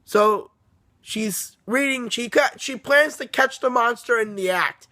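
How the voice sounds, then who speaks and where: High-voiced young man rambling a recap. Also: a little slow, pushed and bright, no echo. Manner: rambling, swears and apologizes often, laughs. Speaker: book reviewer. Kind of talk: casual rambling book recap. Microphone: phone camera.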